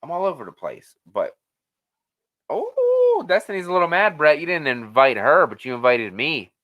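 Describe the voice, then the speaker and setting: A man's voice: on the high side, normal speed, dull audio. A man hosting a casual live-stream Q&A, rambling and swearing freely as he reads the chat. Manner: rambling, profane, animated.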